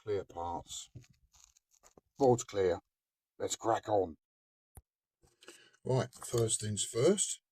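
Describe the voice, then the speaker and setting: A man's voice: on the low side, extremely slow, pauses often, mellow, breathy edge, no echo. A man casually narrating his scale model build, chatty and often breaking into giggles. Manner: giggly, keeps breaking into laughter. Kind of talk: casual hobby video narration.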